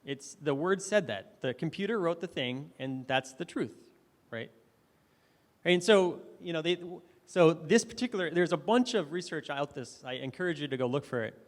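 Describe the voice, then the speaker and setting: A man's voice: fairly high pitch, animated, normal speed. A man giving a conversational conference presentation, full of fillers and restarts. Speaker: conference speaker. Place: conference hall. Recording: reverberant hall.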